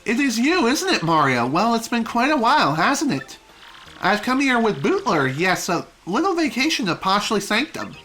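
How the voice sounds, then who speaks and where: A woman's voice: a little high, sing-song, moderate pace, a bit bright, faint music behind, voice pushed up. A woman voicing a vain, haughty noblewoman in a game, reading her lines aloud. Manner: haughty, preening.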